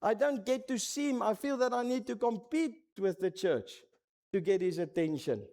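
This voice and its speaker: A man's voice: high voice, lively intonation, moderate pace, a little mellow, voice pushed up. A man with a Namibian accent voicing his tearful, worn-out wife as she pleads in a raised voice. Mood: tearful pleading.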